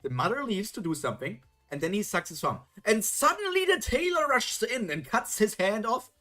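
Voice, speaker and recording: A woman's voice: mid-range voice, big pitch swings, moderate pace, a bit bright, faint music behind. Playful woman reading rhymes theatrically. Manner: playful, theatrical, jokey asides. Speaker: streamer. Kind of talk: reading old children's rhymes aloud with comments.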